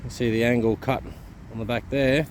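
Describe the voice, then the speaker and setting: A man's voice: medium pitch, steady tone, moderate pace, noisy background. An Australian man hosting a casual metal detecting vlog outdoors in the bush, talking in a laid-back, slangy way and chuckling often. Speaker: host.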